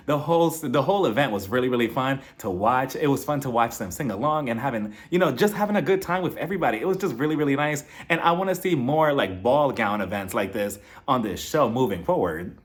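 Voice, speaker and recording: A man's voice: animated, fast talker, hardly any pauses. A man recapping a reality show in casual, sarcastic commentary, often acting out what people said. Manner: sarcastic, gossipy, acts out quotes in a high voice. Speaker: reality TV reviewer.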